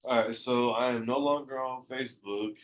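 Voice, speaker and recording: A man's voice: medium pitch, fairly even intonation, moderate pace. A man as a podcast guest talking in casual chat, blunt and laid-back, with frequent ums.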